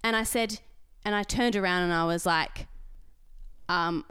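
Young Australian woman, podcast co-host, lowish smooth voice, dry close sound, lively storytelling. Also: moderate pace, no room sound. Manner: animated storytelling, acts out quoted voices. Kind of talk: casual chat.

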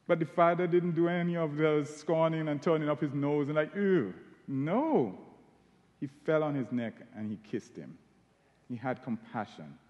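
A man preaching a sermon, retelling a Bible story and stressing key words by slowing down on them. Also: a little high, dull audio. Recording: long hall reverb.

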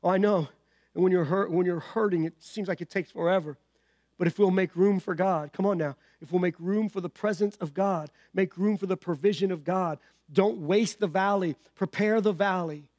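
A man's voice: high voice, moderate pace, darkish tone, dry recording, clean studio sound. A pastor preaching a sermon with fervent emphasis, repeating key phrases and calling out to his congregation.

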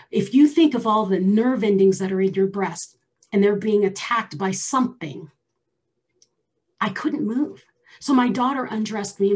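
A woman in her forties telling her own story in an emphatic way, sometimes dropping to a hushed near-whisper for stress. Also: medium pitch, breathy edge. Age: 40s. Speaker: storyteller sharing a personal health story. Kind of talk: personal storytelling.

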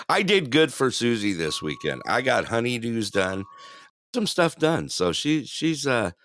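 A man's voice: mid-range voice, fairly bright tone, slight background noise. A man hosting a casual talk show, upbeat, greeting callers and laughing often. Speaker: host. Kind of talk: casual talk radio chat.

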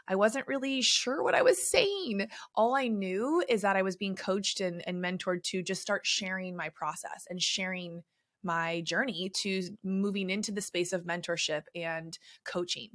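A woman's voice: mid-range voice, a little slow, a bit bright, no echo, clean studio sound. A young adult woman hosting a solo podcast, telling stories in a chatty way with lots of fillers. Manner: chatty, filler-heavy storytelling. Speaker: podcast host and beauty industry coach.

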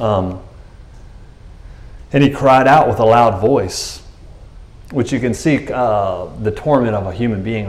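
A man delivers a laid-back sermon in a low voice, chatting like a friend and jumping into the voices of the people in the story. The room around him rings with echo. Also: darkish tone. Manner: conversational, jokey, acts out voices of people in the story. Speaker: pastor. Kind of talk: casual sermon.

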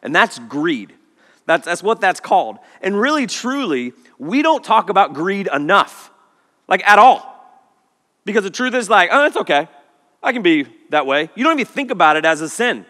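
Brief: man in his 30s, pastor delivering a lively sermon, bright forceful tone, reverb. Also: high voice, moderate pace. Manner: animated storytelling with acted-out quotes. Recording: long hall reverb.

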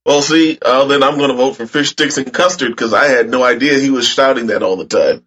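A man's voice: mid-range voice, a little fast, a bit bright, husky. A man on a podcast panel, blunt and joking, swearing casually.

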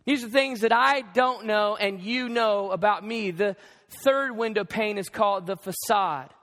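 A male pastor preaching a sermon, animated and conversational, acting out bits of dialogue. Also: a little slow. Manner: animated, acts out dialogue with shifting pitch. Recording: long hall reverb.

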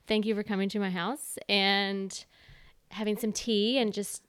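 A woman's voice: mid-range voice, little pitch movement, a little slow, fairly bright tone, smooth, no room sound. A young adult woman hosting a podcast at her home, talking in a bubbly, casual way with many fillers. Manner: bubbly, lots of "like" and "you know". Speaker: podcast host. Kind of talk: casual interview chat.

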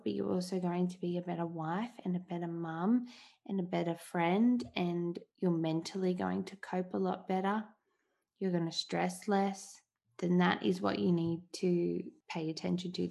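A woman in her thirties hosting a solo podcast, talking candidly and from the heart in a relaxed, conversational way. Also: lowish voice, creaky. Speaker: podcast host.

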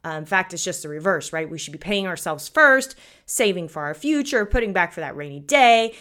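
A woman's voice: on the low side, sing-song, a little fast, sharp tone. A woman in her thirties from the United States hosting a podcast, telling stories in a chatty, folksy way with frequent chuckles. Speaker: podcast host. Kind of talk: casual podcast talk, storytelling.

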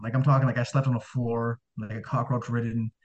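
A man's voice: medium pitch, flat delivery, a little fast. Guy rambling thru his story, lots of "you know" and "like", acts out the dialogue, kinda dull lo-fi sound. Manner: rambling, heavy on fillers, acts out quoted dialogue. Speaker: guest. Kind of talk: casual storytelling. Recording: dull lo-fi audio.

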